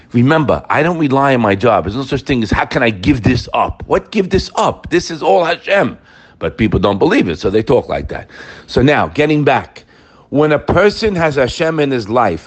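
A man giving an informal Torah class, talking straight to his listeners and repeating key phrases for emphasis. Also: medium pitch. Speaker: Torah teacher.

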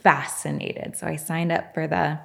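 Gravelly low-voiced woman telling stories. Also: normal speed. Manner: animated and frank, swears, laughs often. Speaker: podcast guest, entrepreneur. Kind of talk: candid storytelling interview.

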